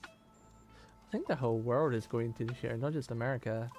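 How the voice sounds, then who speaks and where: A man's voice: medium pitch, fairly quick, a little mellow, soft background music. Chatty male streamer rambling over gameplay. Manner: rambling, chatty, jokey asides. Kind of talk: casual gameplay commentary.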